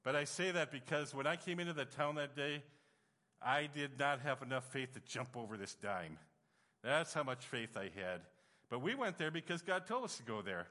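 A male preacher delivers a storytelling sermon, his voice bright and forceful. He swings into emotional, exclamatory moments. The sound rings with a long reverb, as in a church hall. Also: mid-range voice, expressive, normal speed.

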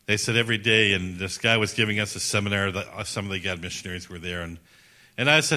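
A man giving a sermon as a missionary speaker, telling stories in an animated, chatty way. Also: on the low side, fast. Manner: animated, chatty, laughs at his own stories. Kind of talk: sermon storytelling.

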